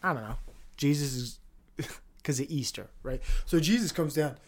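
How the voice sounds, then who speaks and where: A man's voice: a little high, normal speed. Rambling profane man hosting a solo podcast. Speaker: podcast host.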